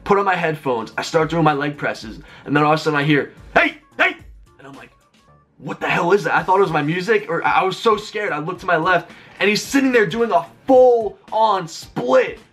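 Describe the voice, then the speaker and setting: A man's voice: on the high side, fairly bright tone, faint music behind. A man in his twenties telling a story to his viewers in a chatty vlog style, filling his talk with "like". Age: 20s. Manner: rapid chatty delivery full of "like". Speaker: YouTuber.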